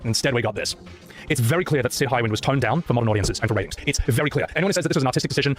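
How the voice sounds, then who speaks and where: A man's voice: mid-range voice, rapid-fire, faint music behind. A man streaming and chatting casually about games, opinionated and joking, prone to rants. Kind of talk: casual gaming chat.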